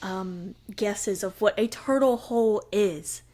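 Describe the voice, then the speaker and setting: A woman's voice: medium pitch, slow pace, dark tone. A young woman co-hosting a casual family chat, talking in a chatty way with laughs and filler words. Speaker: podcast co-host.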